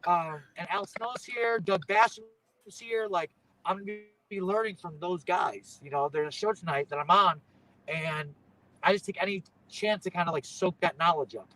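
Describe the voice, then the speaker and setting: A man's voice: high-pitched, normal speed, sharp tone, rough recording. A young man, a pro wrestler, chatting in an interview, rambling and tagging "you know what I'm saying" onto his thoughts. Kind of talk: casual interview chat.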